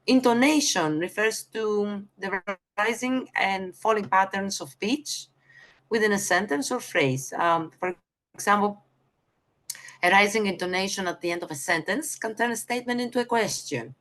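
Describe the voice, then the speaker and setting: A woman from Greece with a Greek accent, lecturing on communication, halting often with fillers and correcting herself mid-sentence. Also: mid-range voice, a bit bright.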